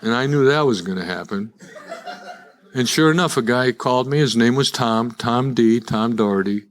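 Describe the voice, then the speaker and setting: A man's voice: mid-range voice, normal speed. An older man, speaking to a live audience as a recovery speaker, telling his own story with self-deprecating humor and frequent restarts. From Chicago. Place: live event before an audience.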